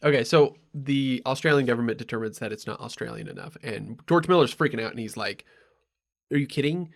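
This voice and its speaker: Man, podcast host, gravelly, rambling, casual chat, lots of ums. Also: medium pitch, fast. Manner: rambling storyteller, frequent ums and asides.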